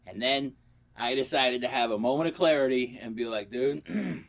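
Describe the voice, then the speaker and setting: A man's voice: mid-range voice, brisk, fairly bright tone. A man rambling through crude, profane comic stories in a casual vlog. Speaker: comedy vlogger.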